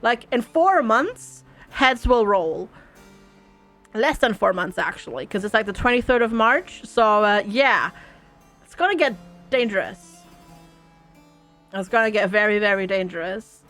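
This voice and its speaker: A woman's voice: mid-range voice, lively intonation, unhurried, long pauses, fairly bright tone, faint music behind. A woman hosting a gaming video, playfully reading the game's text aloud and chatting about it. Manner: playful, laughs often. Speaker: gaming channel host. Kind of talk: reading game text aloud with casual commentary.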